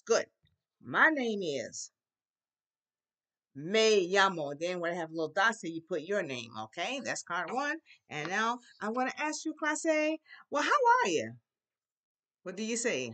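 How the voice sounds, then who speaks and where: Animated woman teaching young kids. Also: medium pitch. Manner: animated, sing-song, leading call-and-response with kids. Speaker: Spanish teacher. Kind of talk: children's language lesson.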